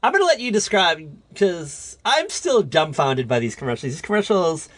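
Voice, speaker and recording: A man's voice: sits high, moderate pace, dry recording. A man with a Northeastern US accent, co-hosting a podcast in casual, jokey chat. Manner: excitable, jokey, animated. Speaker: podcast co-host.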